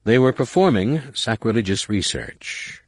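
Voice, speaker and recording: A man voicing a sly alien male executor who speaks smoothly and ingratiatingly. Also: on the low side, big pitch swings, unhurried, no room sound, clean studio sound, voice pushed up, heavily acted.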